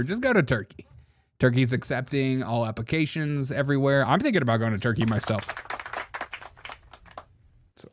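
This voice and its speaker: A young man hosting a casual political commentary show, joking and laughing often, mocking people in put-on quotes. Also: mid-range voice. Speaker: show host.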